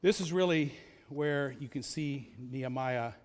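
A male pastor preaches a sermon conversationally, asking rhetorical questions and slowing down to stress key words. His voice is medium in pitch.

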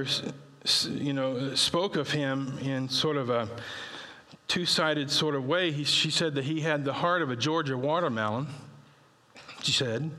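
A man preaching a sermon, telling folksy stories and building to emphatic high peaks. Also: bright, forceful tone, in a large hall.

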